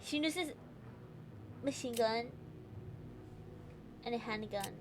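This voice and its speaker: A woman's voice: a little high, slow, over music. A young woman streaming a video game, chatting casually, rambling and giggling to herself. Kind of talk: casual gameplay commentary.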